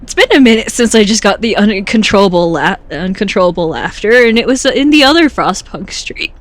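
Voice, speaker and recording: A woman's voice: medium pitch, animated, a little fast. A woman streaming a game, chatting casually in a playful, giggly way. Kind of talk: casual live-stream chat.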